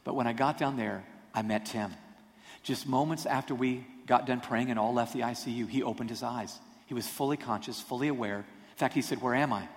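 A man preaching a storytelling sermon, animated and self-deprecating in his humor. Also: medium pitch, a little fast. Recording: long hall reverb.

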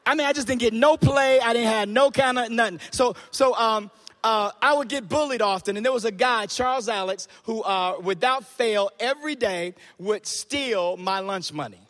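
A man's voice: extremely high pitch, normal speed, fairly bright tone. A man preaching a sermon in church, telling a personal story and then preaching emphatically while calling on the congregation to respond. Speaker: pastor.

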